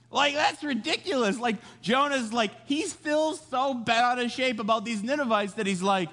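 A male pastor preaching a sermon, telling the story in a jokey, animated way and acting out voices. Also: very high-pitched, normal speed, few pauses, long reverb tail.

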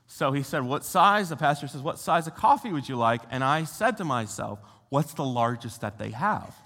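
At a moderate pace and with hardly any pauses, a young American man preaches as a youth pastor, his bright, somewhat high voice swinging widely in pitch. He stays conversational, firing rhetorical questions at the room while a large hall's long reverb trails behind him.

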